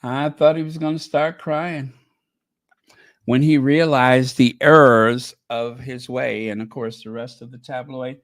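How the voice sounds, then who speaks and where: Slow-talking, sarcastic male commentator. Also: medium pitch, fairly even intonation, dry recording. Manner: sarcastic, mocking, rambling with many fillers. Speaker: commentary channel host. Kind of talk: casual commentary.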